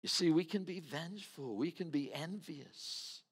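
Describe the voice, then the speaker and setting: A man's voice: a little high, a little slow, slightly rough. A man preaching a sermon in a conversational way, acting out the voices of the people he quotes. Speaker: pastor. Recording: reverberant hall.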